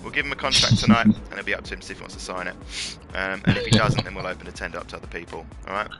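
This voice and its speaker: A man with a fairly low voice calls a video game race for his stream. He keeps it chatty and upbeat, full of casual slang. Game music plays clearly underneath him. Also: racing. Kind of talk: live racing commentary and casual chat. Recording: game music playing behind the voice.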